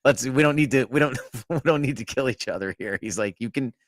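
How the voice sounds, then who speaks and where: A man's voice: mid-range voice, brisk, no echo, clean studio sound. A man co-hosting a podcast, telling rambling anecdotes in casual chat with frequent laughs and swearing. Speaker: podcast co-host.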